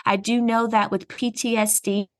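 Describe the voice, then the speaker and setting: Higher-voiced woman counselor, earnest. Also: little pitch movement, moderate pace. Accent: Southern US. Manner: earnest, explanatory, warm laughs. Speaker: counselor guest. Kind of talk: podcast interview.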